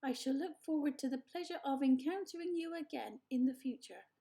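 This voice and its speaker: A woman's voice: high voice, a little fast, creaky, warm tone. A woman voicing a formal, polite female robot in a storybook reading, with a stiff, robotic delivery. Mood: stiffly polite.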